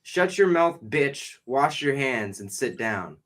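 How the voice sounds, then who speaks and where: A man's voice: medium pitch, sing-song, slow, fairly bright tone. A young man from the Boston area hosting a podcast, chatting casually with a guest, joking and rambling and swearing freely. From Boston area, New England. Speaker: podcast host. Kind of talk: casual chat interview.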